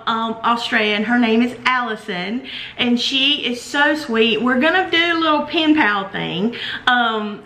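A woman with a Southern US accent gushing excitedly as she unboxes fan mail in a casual vlog. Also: a little high, echoey room. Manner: gushing, excitable, slow-spoken. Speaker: YouTuber opening fan mail. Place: indoors at a table.

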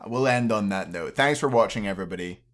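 A young man, fairly low-voiced and quick, chats casually on a late-night stream while a bit tipsy. He's a streamer and caster, and his talk rambles, trails off and keeps restarting.

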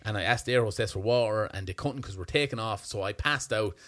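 Bright-voiced Irish man telling a story. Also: fairly low pitch, quick pace. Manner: animated, self-mocking storyteller with swearing. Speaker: podcast co-host. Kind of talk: casual storytelling chat.

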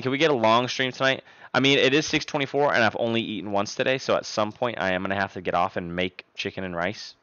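A young man chatting casually on a live stream, loud one moment and mumbling the next. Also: deep voice, dry recording. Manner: animated, swings between loud outbursts and mumbling. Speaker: livestreamer. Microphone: streaming microphone. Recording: dry, dull lo-fi sound.

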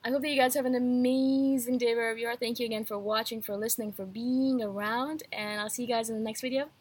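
A woman's voice: a little high, fairly even intonation, fast, slightly rough. A woman vlogger talking straight to her viewers in a frank, rambling, emphatic rant, a little feverish. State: slightly feverish. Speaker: YouTube host. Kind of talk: casual rant to camera.

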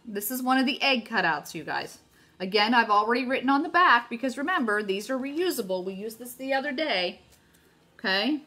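A woman's voice: fairly high pitch, pushed and bright. A middle-aged woman hosting a casual live crafting demo at home, chatting and gushing to her viewers as she works. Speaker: craft video host.

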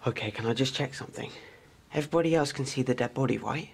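A man's voice: medium pitch, quick pace, vocal fry, slight background noise, natural voice. A young actor with an English accent playing an awkward, nervous teenage boy in a sitcom. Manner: nervous, fussy. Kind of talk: sitcom acting.

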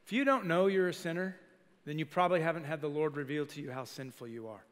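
A male senior pastor preaching a lively sermon to a congregation, acting out quoted voices and putting questions to the crowd. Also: fairly high pitch, fairly quick, pauses often. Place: church sanctuary. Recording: live sermon in a reverberant church hall.

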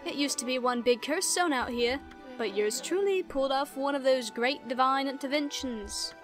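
Woman putting on a sly young man with a British accent, teasing, theatrical, high voice. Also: normal speed, a bit bright, faint music behind. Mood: smug. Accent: British put-on. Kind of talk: reading game dialogue aloud.

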